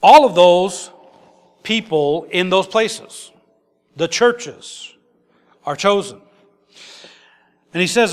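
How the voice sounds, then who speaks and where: A man's voice: high-pitched, lively intonation, takes it slowly, long pauses. A man preaching a sermon in an emphatic, conversational way. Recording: long echoey hall reverb.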